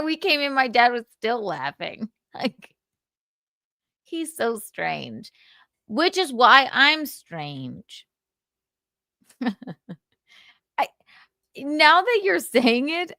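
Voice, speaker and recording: A woman's voice: on the high side, fairly bright tone, dry recording, clean studio sound. A woman hosting a live stream, telling a story in a casual way and laughing often.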